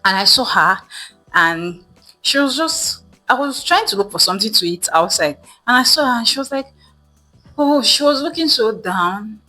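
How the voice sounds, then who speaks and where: A woman's voice: a little high, lively intonation, moderate pace, pushed and bright, faint music behind, rough recording. A young woman telling a storytime vlog, chatty with many fillers, acting out what people said. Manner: chatty, many fillers, acts out quoted dialogue. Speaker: vlogger.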